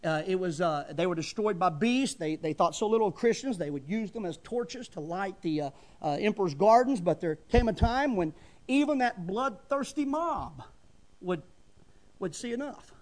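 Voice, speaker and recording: A man's voice: sits high, animated, normal speed, darkish tone. A middle-aged man preaching a sermon in a fervent, folksy style, building to emphatic bursts.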